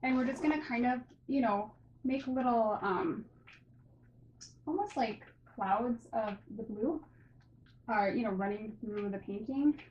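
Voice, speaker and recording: A woman's voice: on the high side, a little slow. Woman art tutor, rambly and self-deprecating, recorded by a camera mic in an echoey room. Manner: rambling and self-mocking, with many fillers. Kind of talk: casual painting tutorial. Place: room at home. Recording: roomy, dull recording with background noise.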